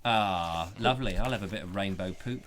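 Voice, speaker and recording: A man hosting a casual show, chatting warmly with playful, joking asides on a lapel mic. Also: low voice, brisk, a little hiss or hum. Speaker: host. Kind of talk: casual chat.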